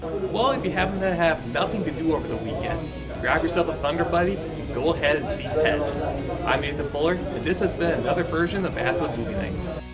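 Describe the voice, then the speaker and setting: A man casually interviewing a guest about a film, asking relaxed questions with fillers. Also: fairly high pitch, fairly quick, over music. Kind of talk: casual student show interview.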